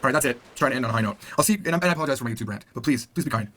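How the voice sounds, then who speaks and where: A man teaching a video language lesson, animated and jokey, acting out example lines as he explains. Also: mid-range voice, racing, a little hiss or hum.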